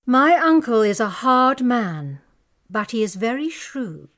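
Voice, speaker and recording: A woman's voice: a little high, animated, slow, a bit bright. A young woman playing a distressed young noblewoman, speaking with emotion in a dramatic audiobook reading. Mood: sorrowful. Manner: emotional, pleading and indignant.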